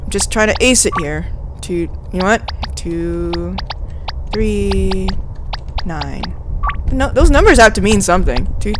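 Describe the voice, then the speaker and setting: A young woman talks her way through a game in an unhurried, rambling way, muttering to herself and quickly startled. Her pitch swings widely from low mumbles to high exclamations. A faint hiss sits under the recording. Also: expressive. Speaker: let's play host. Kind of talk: casual gameplay commentary.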